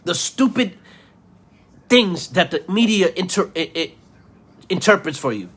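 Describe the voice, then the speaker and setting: Speaking a little slowly in a high, very animated voice, this male vlogger delivers a heated commentary rant. He insults his audience, says the same things over and over, and stumbles through false starts.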